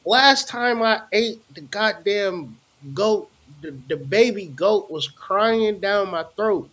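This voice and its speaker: A man with a slightly high voice rants in a loose, unhurried way, full of slang and casual cursing. He is a spiritual teacher talking to his own audience, animated and blunt. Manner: animated, slangy, swears freely. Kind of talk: casual ranting monologue.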